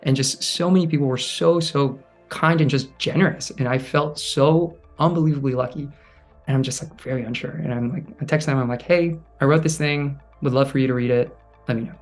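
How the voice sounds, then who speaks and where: A man's voice: mid-range voice, fairly quick, faint music behind. A young man in his twenties recounting a personal experience, acting out what people said with many fillers. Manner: animated, acts out quoted voices with fillers. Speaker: guest telling his story. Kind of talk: personal storytelling to camera.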